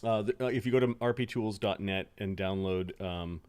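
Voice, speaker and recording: A man running a tabletop game as game master, who sometimes booms drawn-out arena announcements. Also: clear, resonant tone. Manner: booming drawn-out announcer calls, relaxed asides.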